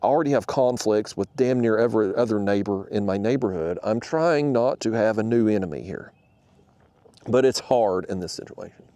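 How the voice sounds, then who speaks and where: A man who hosts a fishing channel, telling a story to the camera in an animated, exasperated rant. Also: fairly low pitch, moderate pace, no room sound.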